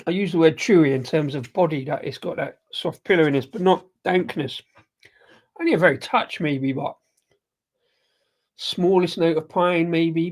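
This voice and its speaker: Husky man rambling through a beer tasting. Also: a little high. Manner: rambling, hesitant, full of ums and self-corrections; sipping and tasting beer while talking. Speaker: beer reviewer hosting his channel. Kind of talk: casual live beer tasting review.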